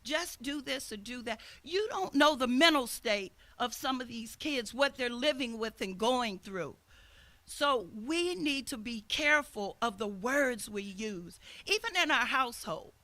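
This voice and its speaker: Older woman minister, sermon, earnest storyteller, bright voice, fairly high. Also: lively intonation, measured pace. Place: outdoor service.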